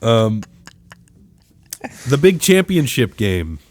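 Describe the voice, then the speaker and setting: A man co-hosting a podcast, recapping a film plot in a laid-back way, with frequent pauses. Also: mid-range voice, big pitch swings, darkish tone, no echo. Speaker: podcast co-host. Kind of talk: casual movie-recap chat.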